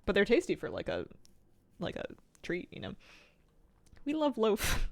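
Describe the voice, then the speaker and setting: Low, gravelly woman chatting with her stream. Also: very animated, brisk, pauses often. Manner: rambling, self-mocking, laughs often. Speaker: game streamer. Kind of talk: casual chat with stream viewers.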